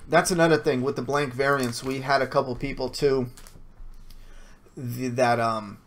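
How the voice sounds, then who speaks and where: A man's voice: mid-range voice, fairly even intonation, moderate pace, fairly bright tone. Blunt, casual man talking comics. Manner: casual, blunt, swears freely, frequent restarts. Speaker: comic creator answering viewer questions. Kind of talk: casual Q&A livestream.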